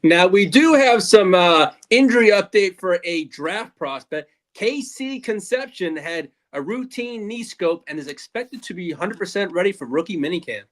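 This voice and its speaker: High-voiced man reading sports updates. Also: expressive, normal speed, few pauses. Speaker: news segment reader on podcast.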